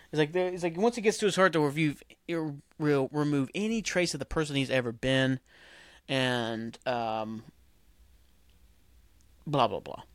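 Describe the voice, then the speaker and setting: A man's voice: a little high, fairly bright tone, no room sound. A man hosting a podcast, recapping a TV episode in a rambling, casual way full of fillers. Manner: rambling, filler-heavy, acts out characters' lines. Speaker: podcast host.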